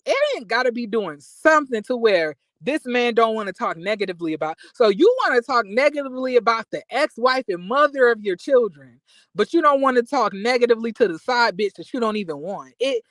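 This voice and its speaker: A man vlogging reality TV commentary in an animated, emphatic, profane rant with quick apologetic asides. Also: high voice, no room sound.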